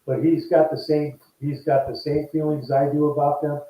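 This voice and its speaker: A man's voice: on the high side, moderate pace. Older man telling stories, echoey far line. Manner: animated, acts out quoted voices. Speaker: guest, former ballplayer. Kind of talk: casual storytelling interview. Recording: echoey, distant, dull remote line.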